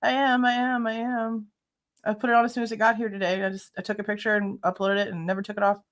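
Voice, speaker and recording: A woman's voice: medium pitch, level tone, fast. A woman hosting a casual livestream, chatting with viewers and greeting them by name, laughing often. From Ohio. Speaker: livestream host.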